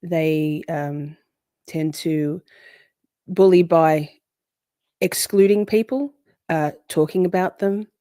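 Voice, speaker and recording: A woman's voice: low voice, steady tone, takes it slowly, long pauses, mellow, no echo, studio quality. A woman in her forties, hosting a casual livestream, chatting loosely, swearing freely and greeting viewers by name. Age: 40s. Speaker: livestream host.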